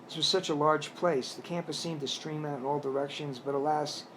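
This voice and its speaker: A man reads his own storybook tale aloud in a plain, slightly halting way, now and then restarting a word. His voice sits a little high for a man. A faint hiss lies under the recording. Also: steady tone, a bit bright, rough recording. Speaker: narrator. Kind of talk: reading a self-written story aloud.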